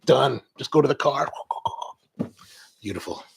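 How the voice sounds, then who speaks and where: A man's voice: fairly high pitch, expressive, moderate pace, creaky, husky. A man hosting a coffee show, chatting casually in a rambling way, drifting off on tangents and restarting his sentences. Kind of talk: casual chat.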